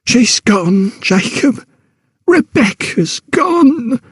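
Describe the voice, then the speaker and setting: A man voicing a flustered, grieving young housemaid in a much higher, tearful voice. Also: expressive, moderate pace, a little mellow, slightly rough, dry recording, studio quality, heavily acted. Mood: sobbing. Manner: high, tearful, half-whispered.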